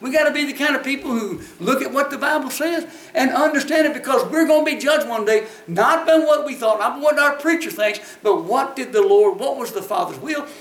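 A man's voice: extremely high pitch, a little fast, hardly any pauses. A man preaching a sermon in a folksy, emphatic way. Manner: folksy, emphatic, rises to shouts when acting out voices. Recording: echoey hall, voice from a distance.

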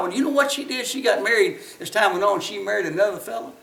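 A man preaching a sermon in a folksy storytelling way, at times rising to emphatic shouts. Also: sits high, fast, vocal fry, few pauses. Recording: echoey, from a distance off the mic.

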